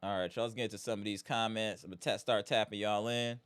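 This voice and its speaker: A man's voice: lowish voice, steady tone, quick pace, fairly bright tone, clear, resonant tone. A man hosting a live sports fan stream, greeting viewers by name and venting about his team's loss. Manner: hype, greets chat by name, frustrated. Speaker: livestream host.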